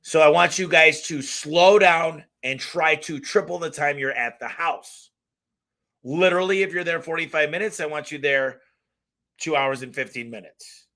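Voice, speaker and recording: Bright, punchy energetic man. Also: on the high side. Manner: energetic, emphatic, blunt, with acted-out customer quotes; talks fast by his own account. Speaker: host answering live questions. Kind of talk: live Q&A advice stream.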